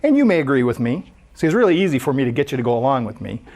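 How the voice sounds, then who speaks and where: A speaker at a spiritual center, telling a story during a sermon in a conversational, animated way. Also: medium pitch, very fast.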